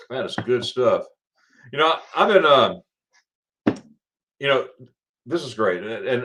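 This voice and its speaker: A middle-aged man from Florida chats through a casual morning livestream, repeating words as he goes and greeting viewers one by one. His pitch rises and falls in a lively way, and he sounds friendly and loose. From Florida, USA. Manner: rambling, repeats words, greets chatters warmly by name. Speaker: livestream host.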